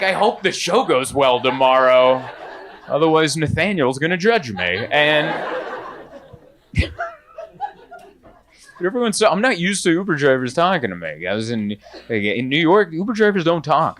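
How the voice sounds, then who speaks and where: Man, 30s, stand-up comic on a club stage; lively, storytelling, pops into high voices for other characters. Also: normal speed. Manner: animated, mimics other voices in high bursts. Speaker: stand-up comedian. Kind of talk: stand-up comedy set. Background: audience laughter.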